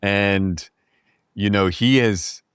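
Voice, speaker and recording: A man with a low voice talks in a relaxed, reflective way, laughing lightly now and then. The sound is dry and close, with no room echo. It is casual podcast conversation. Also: drawn-out words, clear, resonant tone.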